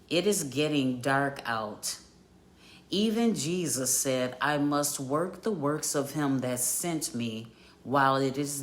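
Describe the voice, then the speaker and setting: A woman hosting a devotional podcast, reading scripture passages and reflecting on them in a measured, earnest way. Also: low voice. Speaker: podcast host and life coach.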